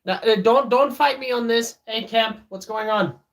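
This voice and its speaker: A man's voice: extremely high pitch, normal speed, creaky, a bit bright. A man, streaming live in casual chat, joking and teasing viewers as he reads their messages aloud. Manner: many fillers and restarts.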